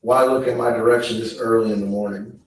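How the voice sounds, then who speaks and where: A man on the witness stand reading text messages aloud in a slow, measured way. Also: on the low side, steady tone. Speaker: trial witness. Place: courtroom. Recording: echoey courtroom feed, distant mic.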